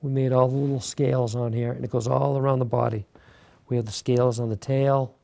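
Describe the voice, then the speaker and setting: A man hosting a beginner clay sculpting tutorial, talking relaxed and casual while he works. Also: medium pitch, fairly quick, gravelly. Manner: relaxed, talks while working, many fillers. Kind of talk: step-by-step craft tutorial.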